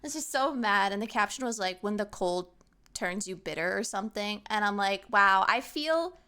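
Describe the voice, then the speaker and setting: A young woman streamer chatting casually with her chat, lively and animated, sometimes acting out what people say. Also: mid-range voice, moderate pace, smooth.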